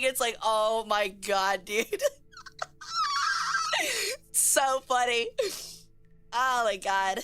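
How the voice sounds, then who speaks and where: A woman's voice: on the high side, extremely slow, long pauses, a bit bright. A woman streamer chatting casually on a live stream, slangy and joking as she reacts to chat, with faint music behind her.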